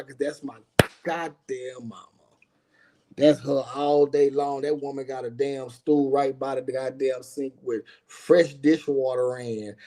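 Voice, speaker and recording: With a warm, mid-range voice, a middle-aged man who runs a business tells viewers a personal story directly. It's a casual monologue: rambling, full of slang, and loaded with swearing.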